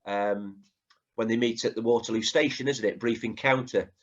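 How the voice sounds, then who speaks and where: A man's voice: on the low side, steady tone, moderate pace, dull audio. A man co-hosting a podcast, chatting casually, retelling favourite scenes and asking for agreement. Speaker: podcast co-host. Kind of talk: casual chat.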